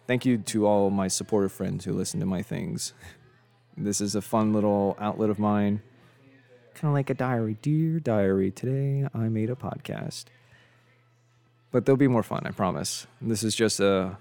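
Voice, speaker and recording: A man's voice: on the low side, steady tone, moderate pace, gravelly, darkish tone, dry recording. A young man hosting a casual solo podcast, rambling and joking at his own expense, tired from too little sleep. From of Mexican descent. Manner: rambling, joking, self-deprecating. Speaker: podcast host.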